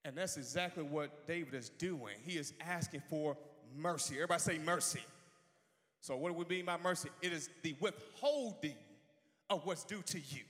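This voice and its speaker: A man preaching a sermon in a church, swinging from quiet asides to shouting. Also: on the high side, long reverb tail. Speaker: pastor.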